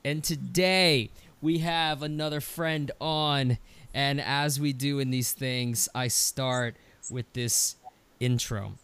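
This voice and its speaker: A man hosting a casual podcast interview, excitable and swearing freely, sometimes shouting like a hype man. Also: a little high, slow, smooth, no echo. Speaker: podcast host.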